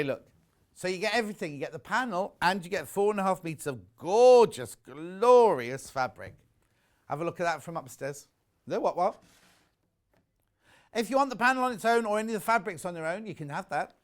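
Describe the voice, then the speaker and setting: A middle-aged British man with a slightly high, animated voice talks at normal speed. He's selling fabric bundles on a live shopping channel, rambling along with plenty of jokey asides. The studio is warm, its shutter doors open.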